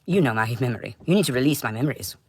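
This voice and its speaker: A woman delivering an intense, rambling livestream monologue, swinging between loud outbursts and low muttering. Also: animated, very fast, husky. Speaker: livestream host.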